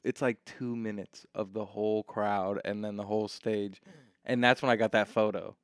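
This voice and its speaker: A man co-hosting a podcast, talking loosely and excitedly with lots of filler words. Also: on the low side, moderate pace, smooth, no echo, clean studio sound. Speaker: podcast co-host. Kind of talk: casual chat.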